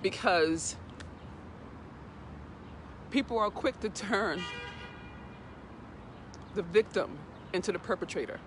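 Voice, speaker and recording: A woman's voice: mid-range voice, expressive, takes it slowly, pauses often, noisy background. Emotional woman talking outdoors on a walk. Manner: earnest and heartfelt, repeating words as she gathers herself. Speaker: host. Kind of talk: casual direct-to-camera talk.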